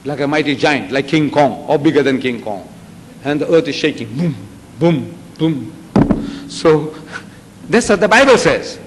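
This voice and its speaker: An older Islamic lecturer with a South African Indian accent gives a public religious lecture to an audience, speaking a little slowly in a fairly high voice. He tells stories animatedly, acting out voices that rise into shouts, and the hall is echoey with faint background noise.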